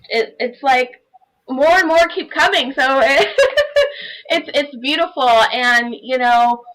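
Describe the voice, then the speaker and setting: A woman's voice: a little high, bright, forceful tone, rough recording. A woman on a live panel, a life coach, sharing her personal story earnestly and from the heart, with many "you know" fillers over a video call.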